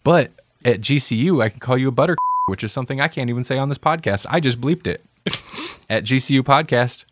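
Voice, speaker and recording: A man's voice: medium pitch, a little fast, noisy background. A man hosting a podcast in casual chat, joking and rambling with frequent laughs. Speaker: podcast host.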